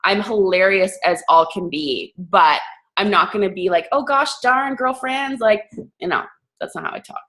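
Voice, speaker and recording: Woman, young adult, from Canada, lowish voice, chatty coaching talk, sarcastic, filler-heavy. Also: normal speed, a bit bright. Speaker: fitness coach hosting a team call. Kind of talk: casual coaching chat.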